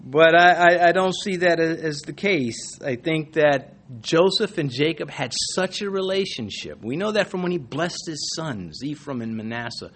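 A man's voice: fairly high pitch, animated, moderate pace, hardly any pauses, fairly bright tone, slight background noise. A man preaching an expository sermon in a conversational way, reading scripture and acting out quoted voices with the odd chuckle.

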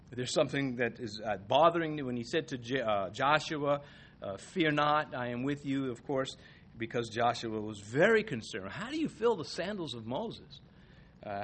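A man preaching an expository sermon, animated, swinging between soft asides and loud emphasis. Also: medium pitch, slightly rough. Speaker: pastor.

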